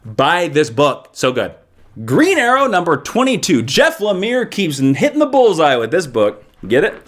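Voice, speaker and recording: A man giving casual, rambling video reviews of comic books, with an animated and jokey manner. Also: fairly high pitch, measured pace.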